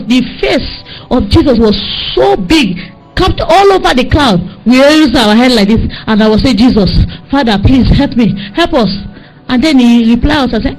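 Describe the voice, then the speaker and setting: A woman's voice: lively intonation, moderate pace, poor audio. Fervent Nigerian woman preaching over faint music. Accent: Nigerian English. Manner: fervent, pleading, rises to high cries. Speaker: preacher giving testimony. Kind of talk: impassioned preaching and dream testimony.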